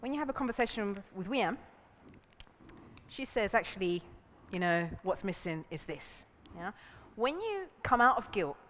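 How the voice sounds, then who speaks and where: A woman's voice: mid-range voice, a little hiss or hum. A woman leading a relationships seminar, talking animatedly and acting out voices with frequent laughs. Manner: animated, acts out voices in quotes, laughs often. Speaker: seminar leader. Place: seminar room. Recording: long hall reverb.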